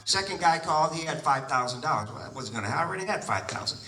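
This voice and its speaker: A man's voice: a little high, expressive, rapid-fire, creaky, sharp tone, echoey room, far from the mic, rough recording. A man telling a personal story to an audience, acting out both sides of his conversations. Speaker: real estate investor telling his story.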